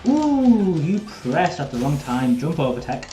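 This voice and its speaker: A man's voice: fairly high pitch, big pitch swings, unhurried, dark tone, faint music behind. Young man streaming a game. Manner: casual, chatty, talks to viewers while playing. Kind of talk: live gameplay commentary. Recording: roomy echo.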